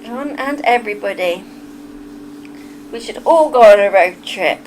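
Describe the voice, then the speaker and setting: Hosting a livestream from England, a woman chats loosely with viewers as she reads their messages, frequently laughing and drifting into tangents. She speaks unhurriedly in an expressive, medium-pitched, slightly mellow voice, and the low-quality recording carries a little hiss or hum.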